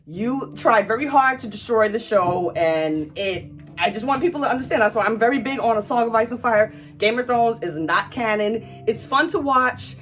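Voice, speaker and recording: A woman's voice: a little high, fairly bright tone, soft background music. Angry ranting woman vlogger. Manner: angry, emphatic, drawn-out stresses. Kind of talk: ranting commentary.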